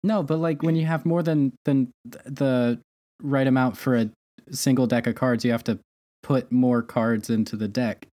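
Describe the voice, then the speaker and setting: A woman's voice: very deep voice, steady tone, moderate pace, mellow. A woman playing a tabletop game, giggly and self-deprecating in casual chat. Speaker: player.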